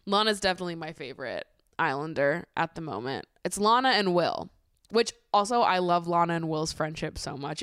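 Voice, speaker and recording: A young woman podcast host with a smooth, resonant voice that sits a little low. She chats casually and gushingly, filling her talk with "like" and laughing often. Her voice sounds dry and close. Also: dry recording. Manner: chatty and gushing, heavy filler "like", laughs often; acts out quotes with animated voices. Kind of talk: casual chat recapping a reality show.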